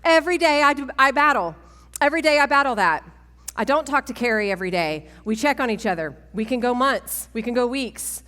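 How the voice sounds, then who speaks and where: A woman gives a church testimony, animated and quick to laugh at herself. Her voice sits fairly high. It carries a long reverb from a large church hall. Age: 40s. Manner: animated, self-mocking, laughing often. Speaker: speaker at a women's church event. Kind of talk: sermon-style testimony talk.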